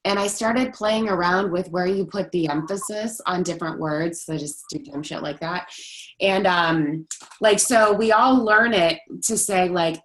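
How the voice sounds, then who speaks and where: Casting note: woman, mid-pitched voice, rambling and conversational, sharing a story with the group. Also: moderate pace, a bit bright, reverberant, rough recording. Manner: rambling storyteller, many likes and restarts. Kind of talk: casual group discussion.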